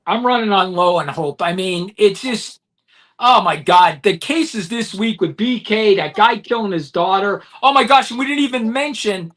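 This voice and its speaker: A man's voice: high voice, expressive, moderate pace, a bit bright. A man co-hosting a podcast, talking emphatically and getting heated in casual chat. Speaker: podcast co-host.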